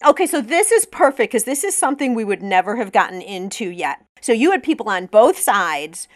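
A woman hosting a podcast interview, asking encouraging questions and laughing along with her guest. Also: mid-range voice. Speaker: podcast host. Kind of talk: conversational interview.

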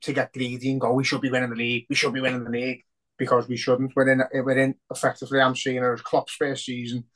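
This is a man chatting casually on a football podcast. He rambles, swears freely and gets excitable, and his voice sits at an ordinary middle pitch. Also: fast talker, rough recording. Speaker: podcast co-host.

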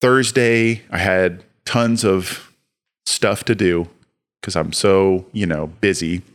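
A young man telling a lively personal story on a podcast, acting out his own shouting as he goes. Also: low-pitched, slow pace. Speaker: podcast co-host. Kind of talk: casual storytelling.

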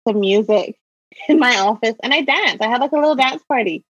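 Lively woman guest, husky and high with a bouncy pitch, dull, dry remote-call sound. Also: a little fast, no room sound. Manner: lively, laughing, breezy. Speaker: podcast guest, business owner. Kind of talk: casual chat.

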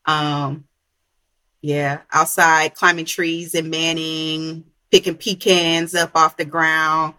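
Slow-talking, bright-voiced country woman. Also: deep voice, flat delivery. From South Carolina, USA. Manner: unhurried, warm, drawn-out phrasing with many ums. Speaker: guest. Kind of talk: casual conversation.

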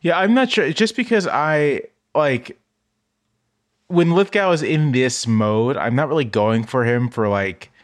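Male podcast guest, mid pitch, considered, uses fillers, dry mic. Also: animated, measured pace, no echo. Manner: thoughtful, hedging with fillers. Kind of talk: casual chat.

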